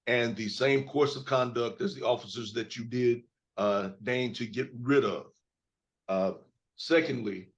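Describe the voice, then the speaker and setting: A man in his fifties from Mississippi, an attorney giving a hoarse, measured press statement over a video call. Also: medium pitch, highs cut off. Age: 50s. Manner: measured, with frequent fillers.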